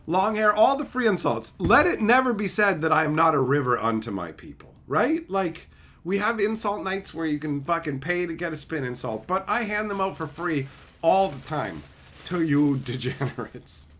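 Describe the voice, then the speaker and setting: A man's voice: a little high, expressive, moderate pace, fairly bright tone. Profane, mocking male streamer. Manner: crude, mocking, laughs often. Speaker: live streamer. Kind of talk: profane rant.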